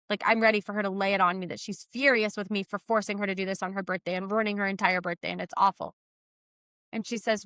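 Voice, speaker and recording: A woman's voice: mid-range voice, fast talker, no room sound. A woman in her thirties, a podcast guest who founded a business program for kids, telling stories with animation and acting out what people said. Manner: animated storytelling, acting out her own quotes. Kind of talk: podcast conversation.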